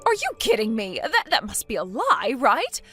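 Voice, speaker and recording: A woman's voice: a little high, huge pitch swings, normal speed, a bit bright, faint music behind. Woman reading a bitter family quarrel. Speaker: reader voicing both sides of a text-message argument. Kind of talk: scripted story reading.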